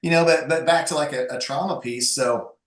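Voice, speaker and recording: A man speaking as an interview guest, telling personal stories in an animated, conversational way with frequent restarts. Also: on the high side, fairly quick. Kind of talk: conversational storytelling. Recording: echoey room.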